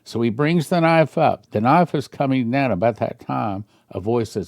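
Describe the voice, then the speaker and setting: A man's voice: mid-range voice, expressive, normal speed, vocal fry, hardly any pauses, a little mellow, no room sound. Male pastor, mid-range voice, dry close sound, storytelling sermon delivery. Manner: vivid retelling with emphatic repetition.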